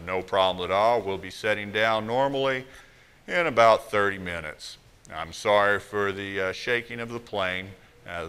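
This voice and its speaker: A man voicing a calm, unflappable male airline pilot with a Texan accent and a slow, relaxed drawl. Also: low voice, clean tone, in a large hall, pitched below the performer's own voice.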